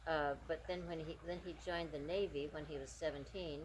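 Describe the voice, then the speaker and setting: Gentle hesitant woman guest. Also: sits low, steady tone, a little fast, a little hiss or hum, rough recording. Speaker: interview guest. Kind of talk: casual interview.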